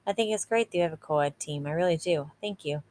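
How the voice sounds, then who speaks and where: A composed teenage girl answers with gracious politeness, voiced by a woman reading a novel aloud. The voice stays low and even, a storybook read-aloud. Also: quick pace, slight background noise, close to an everyday voice. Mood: polite.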